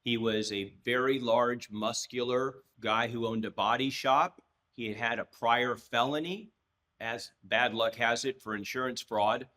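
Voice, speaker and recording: A man's voice: mid-range voice, a little slow. Man in his sixties telling a courtroom story. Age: 60s. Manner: lively storyteller who acts out quoted dialogue, with frequent restarts. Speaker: trial lawyer, podcast guest. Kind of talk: anecdotal storytelling in a podcast interview.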